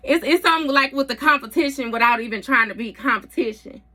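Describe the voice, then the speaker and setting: A woman's voice: high-pitched, quick pace, sharp tone. A woman giving a casual tarot reading in a blunt, heavily profane way, with frequent mm-hmms. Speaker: tarot reader.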